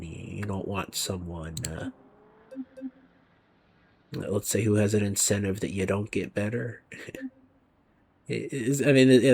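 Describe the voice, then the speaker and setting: A man's voice: fairly low pitch, gravelly, breathy edge. A man giving rambling, casual commentary over gameplay, sometimes dropping to a near whisper. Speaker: gaming video creator.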